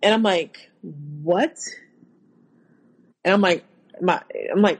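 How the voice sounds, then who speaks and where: A woman, a guest on an interview show, recounting a personal story haltingly, with many restarts. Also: fairly low pitch, breathy edge, rough recording.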